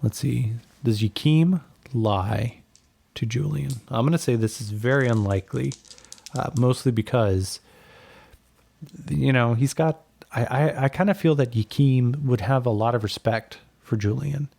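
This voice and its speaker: A man narrating a solo tabletop role-play game, thinking aloud in a relaxed, musing way. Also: mid-range voice, a little slow, gravelly.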